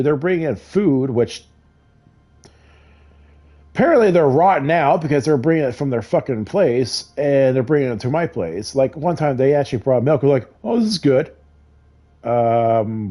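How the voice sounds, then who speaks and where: A man's voice: medium pitch, warm tone, husky. A middle-aged man telling a heated, profane story in a casual rant while gaming. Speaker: gamer.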